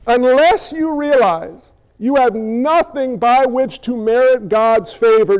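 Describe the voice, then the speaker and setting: High-voiced male preacher in a reverberant hall. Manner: animated, rhetorical questions to the audience. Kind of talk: sermon.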